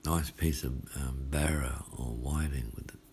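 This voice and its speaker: Very deep, slow Australian pastor. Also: male voice, steady tone, darkish tone, a little hiss or hum. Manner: folksy and chatty, asks "hey?" often, laughs at his own lines. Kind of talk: casual midweek sermon.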